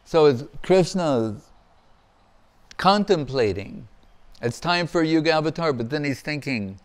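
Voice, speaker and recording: A man giving a devotional lecture as a monk, telling scripture stories in an animated way and acting out the quotes. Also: fairly high pitch, a little slow. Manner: animated storyteller, acts out quotes with laughter. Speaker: monk giving a spiritual discourse.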